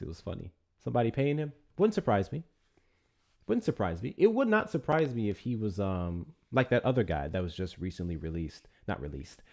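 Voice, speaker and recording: A man with a deep voice hosts a casual livestream and talks straight to his viewers. He rambles loosely, drops swear words, and moves from one thought to the next without much plan. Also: mellow. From United States. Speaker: livestream host.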